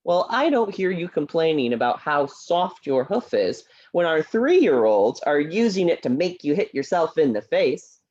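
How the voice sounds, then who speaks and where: A woman voicing an upbeat, patient puppet friend who works as a teacher, speaking in a cheerful, encouraging and brisk manner. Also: sits low, big pitch swings, a little mellow, highs cut off, heavily acted. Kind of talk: puppet play acting. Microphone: laptop video call.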